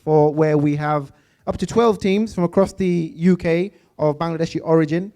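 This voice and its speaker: A man's voice: fairly high pitch, moderate pace, mellow. A man hosting an awards evening, speaking off the cuff with many ums. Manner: unscripted, frequent ums and uhs. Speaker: awards event host.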